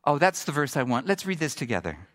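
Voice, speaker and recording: A middle-aged man preaching a sermon, moving from emphatic build-ups to quiet, hushed points. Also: on the high side, big pitch swings, fast talker. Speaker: pastor.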